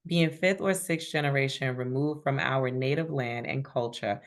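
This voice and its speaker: A woman's voice: a bass voice, moderate pace. Affirming woman leading a spiritual group. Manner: affirming, reads chat comments aloud. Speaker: group facilitator.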